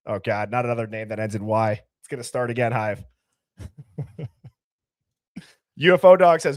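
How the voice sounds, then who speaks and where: A man hosting a casual live stream, reading out viewer names and comments with loud greetings and laughs. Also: medium pitch, normal speed, pauses often, no room sound, studio quality. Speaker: livestream host.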